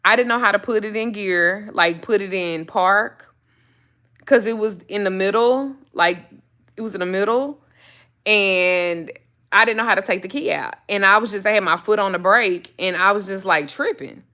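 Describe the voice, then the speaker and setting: Bright-voiced woman telling a story casually. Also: normal speed. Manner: profane and blunt, jumps up high when acting out her own panic. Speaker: host telling a personal story to viewers.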